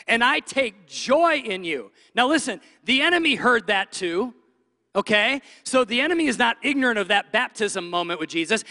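A pastor preaching a Sunday sermon with animated delivery, acting out doubting inner voices. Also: male voice, sits high, long reverb tail. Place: church stage.

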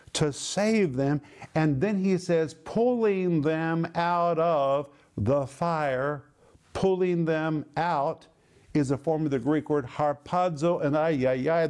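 A man preaching a sermon and teaching the meanings of Greek words. He is emphatic, repeats words in lists and draws key phrases out slowly. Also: fairly high pitch, mellow. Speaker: Bible teacher.

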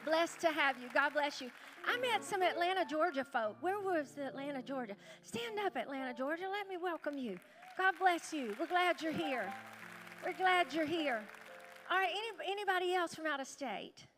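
A woman's voice: high voice, lively intonation, normal speed, music in the background. A woman pastor, chatty and calling out to the congregation as she welcomes visitors at a church service. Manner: chatty, warm-hearted, calls out to the crowd.

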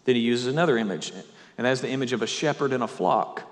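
A man's voice: medium pitch, fast, long reverb tail. A male pastor preaching a sermon, walking through scripture verse by verse with conversational asides to his listeners.

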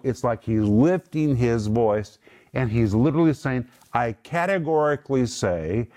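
A man's voice: mid-range voice, dark tone. Emphatic man teaching the Bible. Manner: emphatic, explains words one by one. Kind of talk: Bible teaching in a group discussion.

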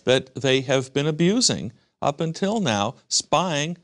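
A man's voice: on the high side, big pitch swings, takes it slowly, fairly bright tone. A man from the United States answers as an interview guest. His delivery is emphatic, and he stacks repeated words into lists for force. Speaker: guest commentator.

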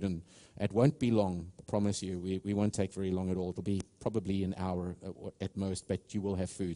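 A man's voice: fairly low pitch, mellow. A man from Africa, a pastor giving a live church sermon in an earnest, stop-start way, often restarting and calling out to the congregation. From South Africa. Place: church sanctuary.

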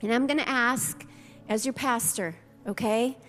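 A woman's voice: on the high side, fairly even intonation, unhurried. A woman pastor giving a heartfelt, personal sermon to her congregation, telling her story openly and emotionally. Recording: live sermon with hall reverb and soft music.

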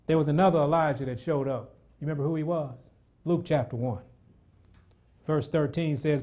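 Man, sermon, preacher, higher pitch, call-and-response questions to the congregation. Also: moderate pace, mellow. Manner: calls out questions to the congregation and reads scripture aloud.

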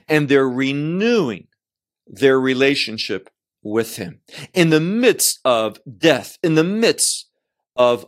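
Slow, earnest male Bible teacher. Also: on the high side, a bit bright. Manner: slow and deliberate, repeats words as he restarts.

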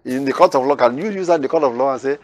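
A man teaching the Bible verse by verse, reading scripture aloud and then explaining it in loose, halting asides. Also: medium pitch, no room sound.

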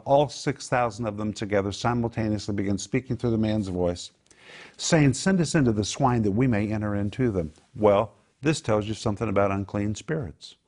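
A man preaching a sermon in an animated, emphatic way, posing rhetorical questions and answering them himself. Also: on the low side.

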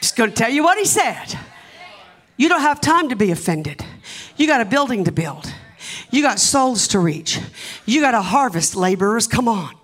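A woman with a Southern US accent, a guest preacher delivering an impassioned sermon in a church, urging the congregation and building to shouts. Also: a little high, very animated, moderate pace. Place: church sanctuary.

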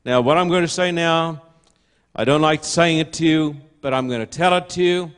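A man's voice: fairly high pitch, normal speed, smooth. Emphatic older preacher man. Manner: emphatic, rhetorical questions to the audience. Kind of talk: sermon.

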